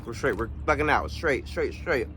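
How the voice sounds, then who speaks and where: A young man in a casual storytime vlog, animated and slangy, swearing freely and jumping into high exclamations. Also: normal speed, slight background noise. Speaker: vlogger.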